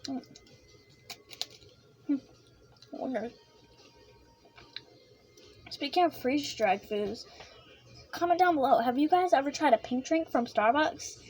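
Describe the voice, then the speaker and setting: A woman vlogging a casual snack taste-test, excitable and giggly, chatting while she eats with her mouth full. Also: high-pitched, slow, pauses often, soft background music.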